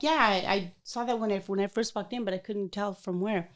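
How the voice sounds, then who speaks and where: A woman hosting a podcast, chatting casually and telling a personal story in an animated way, acting out the voices of people in it. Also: mid-range voice, a little fast, few pauses. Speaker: podcast host.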